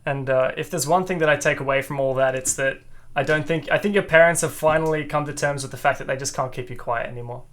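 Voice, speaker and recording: A man's voice: mid-range voice, fairly even intonation, quick pace, fairly bright tone. A man hosting a podcast interview, asking questions and making light jokes. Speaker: podcast host. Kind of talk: casual interview.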